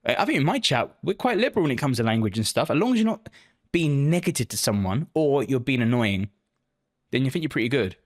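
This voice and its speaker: A man's voice: mid-range voice, big pitch swings, fast talker. A man live-streaming, chatting casually with viewers and answering their messages with lots of swearing and joking banter.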